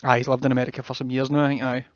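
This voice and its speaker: A man's voice: medium pitch, monotone, rapid-fire, no room sound. A Scottish man co-hosting a casual sports chat, mostly giving short replies of agreement. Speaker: co-host. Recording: dry, dull lo-fi sound.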